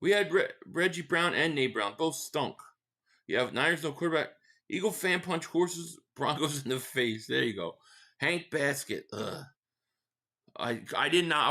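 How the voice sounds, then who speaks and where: Streaming a football game live, a Philadelphia-area man chats in a rambling, casual way, reads out messages from viewers and shares blunt fan opinions. His voice is medium-pitched with a sharp edge.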